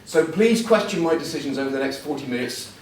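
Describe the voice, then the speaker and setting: A man's voice: a little high, animated, fast, far from the mic, a little hiss or hum. Anecdotal man speaking in an echoey hall. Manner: anecdotal, self-deprecating, chatty storytelling. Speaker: guest speaker. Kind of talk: after-dinner style motivational talk. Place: large event hall before an audience. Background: audience laughter.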